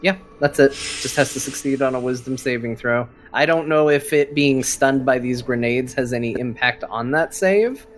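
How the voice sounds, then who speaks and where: A man's voice: medium pitch, normal speed, hardly any pauses, soft background music. A man playing in a tabletop game, casually describing his moves and reading rules aloud. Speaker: player.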